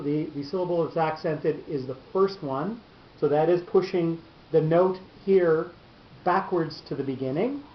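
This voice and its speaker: A man teaching a class on Torah cantillation, explaining patiently step by step and restarting his sentences often. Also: fairly high pitch. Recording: echoey lo-fi room recording.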